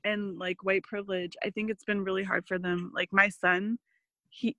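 A woman's voice: mid-range voice, normal speed, no echo, low-quality recording. A woman in her thirties, a podcast guest, telling family stories in casual, filler-heavy chat. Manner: chatty, many fillers, animated quoting. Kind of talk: casual interview storytelling.

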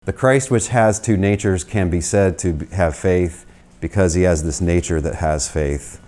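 An American man giving a conversational theology lecture, reasoning through arguments with quick asides. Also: low-pitched, darkish tone, slight background noise. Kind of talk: spoken lecture.

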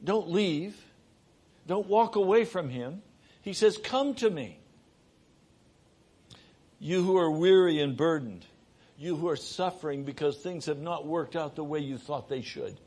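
A middle-aged male preacher with a husky, somewhat high voice. He preaches at an unhurried pace. His delivery swings between raised, urgent appeals and quiet, hushed stretches. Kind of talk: sermon.

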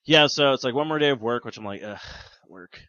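A man's voice: medium pitch, a little fast, pushed and bright, dry recording, muffled recording. A man co-hosting a casual podcast chat, rambling and joking with lots of fillers.

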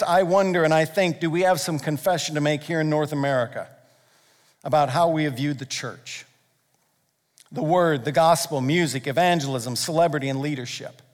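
High-voiced preacher in an echoing hall. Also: male voice. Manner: earnest preaching with wide swings between loud emphasis and soft, slow prayer. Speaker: pastor. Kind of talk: sermon. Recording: long reverb of a large hall.

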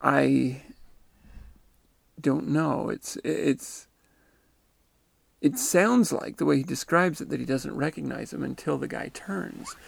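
A man's voice: a little high, expressive, takes it slowly, creaky, pauses often, slightly rough, no echo. A man retelling and reflecting on someone's near-death account in a musing, tentative way. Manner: musing and tentative, often unsure. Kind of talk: reflective spoken commentary.

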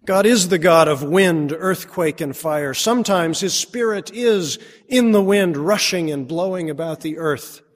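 A pastor preaching a sermon, moving between strong declarations and quiet, hushed passages. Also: male voice, a little high, measured pace, hardly any pauses, in a large hall. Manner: dramatic shifts between strong and hushed delivery.

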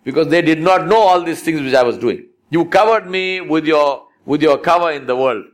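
A man's voice: on the high side, normal speed. A man preaching a sermon, exhorting his listeners with emphatic repetition.

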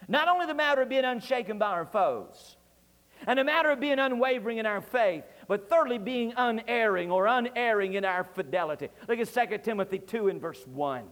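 A male pastor with a strikingly high voice delivers an impassioned sermon, hammering home repeated phrases and climbing to shouts. The archival church recording carries a long hall reverb. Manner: impassioned preaching, rising to shouts. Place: church sanctuary.

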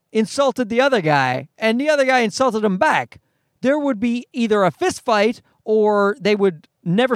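High-voiced man on a sarcastic profane rant. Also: no echo, studio quality. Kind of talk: ranting commentary.

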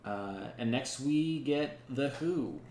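A man's voice: medium pitch, lively intonation, takes it slowly, darkish tone. Rambling young man in a roomy space. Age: young adult. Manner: rambling, thinking aloud with many fillers. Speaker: podcast co-host. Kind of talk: casual chat.

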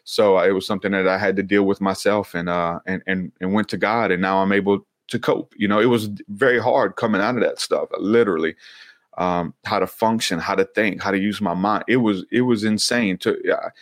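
A man speaking as an interview guest, earnest and halting, often repeating words as he tells his story. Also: sits low, steady tone, dry recording, studio quality. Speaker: interview guest, Christian minister. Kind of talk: casual interview conversation.

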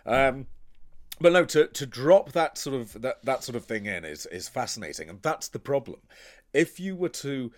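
Man, actor, casual podcast chat, animated and foul-mouthed, very lively pitch. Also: normal speed. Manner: animated, blunt and profane.

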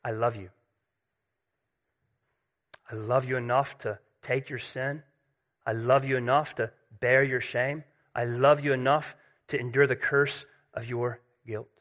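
A man voicing Jesus as a gentle savior, speaking softly and tenderly. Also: steady tone, unhurried, pauses often, close to an everyday voice. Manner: soft, low, tender.

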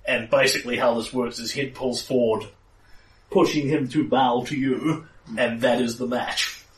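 A man narrating a tabletop game as game master, telling the story with lively delivery and explaining the rules as he goes. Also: medium pitch, moderate pace. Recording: echoey room, distant mic, noisy.

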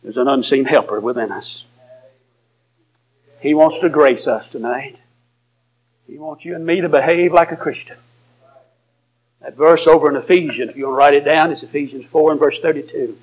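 A male preacher giving a sermon, telling folksy stories that swing from chuckling asides to emphatic shouts. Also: on the high side, fairly quick, muffled recording.

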